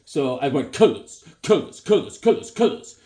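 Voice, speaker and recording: A man casually showing his drawings and comics to viewers, animated and jumping into quick silly voices. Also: fairly high pitch. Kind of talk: casual chat to camera.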